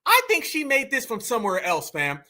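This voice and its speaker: High, sharp-voiced man ribbing his audience. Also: wildly swooping pitch, a little fast. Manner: mocking, teasing, addresses chat directly. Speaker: livestream host. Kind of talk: casual reaction commentary.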